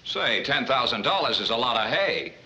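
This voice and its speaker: A breezy boastful swindler. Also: male voice, medium pitch, very animated, normal speed, bright, forceful tone, muffled recording, slight background noise. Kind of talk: 1940s film acting.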